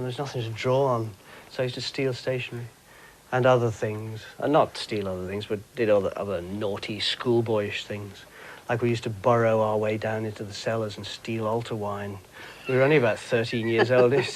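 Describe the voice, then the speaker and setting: A man from England chats in an interview, camp and quick to giggle. His voice sits at a middling pitch. When he quotes people, it leaps into squeaky high impressions. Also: poor audio. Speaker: interviewee, comedian and broadcaster. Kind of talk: anecdotal interview chat.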